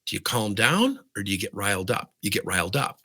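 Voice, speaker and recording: Animated man coaching. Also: lowish voice, brisk, breathy edge. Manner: animated, asks rhetorical questions. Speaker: business coach. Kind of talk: lively coaching talk to camera.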